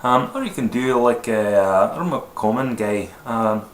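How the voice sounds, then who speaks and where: A man voicing a powerful, theatrical Scottish man who talks in a loud, animated way. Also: mid-range voice, measured pace, lightly acted. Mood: boisterous. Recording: echoey room, faint noise.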